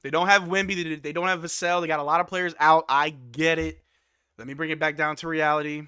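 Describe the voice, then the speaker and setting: A man hosting a live watch-along stream, calling plays and reacting loudly with hype shouts on big moments. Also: a little high, fairly even intonation, fairly quick, clean tone, no echo, clean studio sound. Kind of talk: excited live game commentary.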